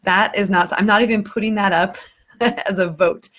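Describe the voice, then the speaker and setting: A woman's voice: medium pitch, steady tone, moderate pace. A woman hosting a casual vlog for her community, speaking earnestly and with open emotion. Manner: earnest, warm-hearted, a little emotional. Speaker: community group host. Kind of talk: casual heartfelt vlog talk.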